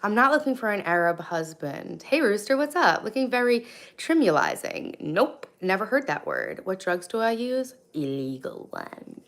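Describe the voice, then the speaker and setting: A woman's voice: mid-range voice, wildly swooping pitch, moderate pace, gravelly. A hungover woman in her thirties chatting bluntly on a live stream from her kitchen, reading out and answering comments. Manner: chatty, blunt, swings between loud and soft, reacts to chat. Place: home kitchen.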